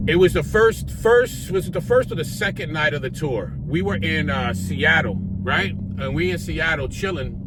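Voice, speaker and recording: A man's voice: on the high side, heavy background noise. A man telling a story in casual street slang, swearing freely and acting out what people said. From Puerto Rico. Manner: animated, profane street slang, acts out quotes. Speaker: vlogger telling stories.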